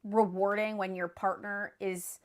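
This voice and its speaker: A woman in her thirties, a guest on a podcast, talking in an animated, casual way, often laughing and swearing casually. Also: mid-range voice, a little slow.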